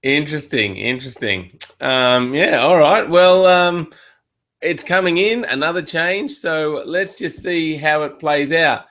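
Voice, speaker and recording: A man's voice: fairly high pitch, measured pace. An Australian man hosting a show, chatting casually and reading out listener questions. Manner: relaxed, reads listener questions. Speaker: show host. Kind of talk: casual chat.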